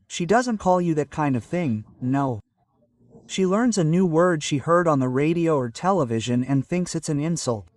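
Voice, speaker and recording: A stand-up comedian from Northeast Brazil, voice a little high, performs a set on stage before a live audience, telling animated childhood stories and constantly checking in with tag questions. The recording is dry, from a distant mic.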